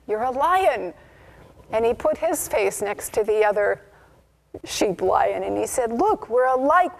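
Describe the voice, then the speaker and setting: Woman minister, sermon, slow and deliberate storyteller. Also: mid-range voice, gravelly, darkish tone. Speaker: minister leading a Sunday service. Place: spiritual community service.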